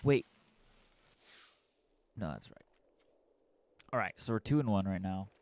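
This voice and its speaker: Low gravelly man streaming a card game. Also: animated, a little slow, darkish tone. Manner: chatty, talks to chat and mutters through his plays. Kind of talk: casual commentary while playing a card game.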